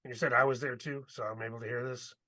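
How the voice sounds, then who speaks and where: A man's voice: medium pitch, steady tone, quick pace, pushed and bright, dry recording. A man playing a tabletop role-playing game, eagerly describing his character's actions. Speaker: player. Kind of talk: casual tabletop role-play.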